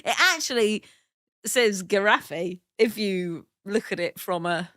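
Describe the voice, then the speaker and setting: Bubbly southern English woman, bright voice. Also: mid-range voice, slow, no echo, clean studio sound. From southern England. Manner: bubbly, laughs often, argues back. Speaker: podcast co-host. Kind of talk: casual chat.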